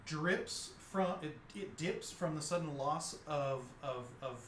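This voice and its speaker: A man narrating as game master in a halting way, full of fillers and restarts. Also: a little high, a bit bright, roomy sound, a little hiss or hum. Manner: hesitant, halting, many fillers.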